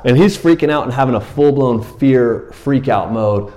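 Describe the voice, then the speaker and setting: A middle-aged man preaching a sermon, telling a story in a casual, animated way with slang and laughs. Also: medium pitch, normal speed, few pauses. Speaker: pastor.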